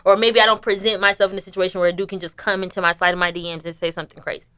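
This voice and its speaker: Opinionated young woman, smooth clear voice. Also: mid-range voice, level tone, very fast. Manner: emphatic, opinionated, slangy, bursts into loud laughing exclamations. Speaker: podcast co-host. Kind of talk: casual group chat.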